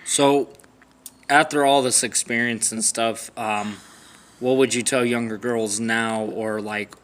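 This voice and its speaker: A man's voice: medium pitch, steady tone, slow pace, a bit bright. A man co-hosting a vlog, asking questions and talking things through hesitantly, with many restarts. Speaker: boyfriend co-host asking questions. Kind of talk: casual serious chat.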